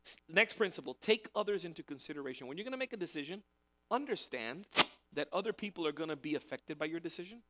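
A man's voice: fairly high pitch, animated, quick pace, bright, forceful tone, slight background noise. Man preaching a conversational sermon. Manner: conversational preaching with emphatic repetition. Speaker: pastor.

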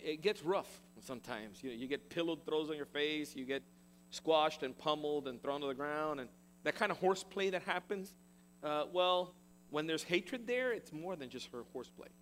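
A man preaching a sermon in a church, swinging between loud, urgent passages and hushed, quiet ones. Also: a little high, a little hiss or hum. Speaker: pastor. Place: church hall with stage lights.

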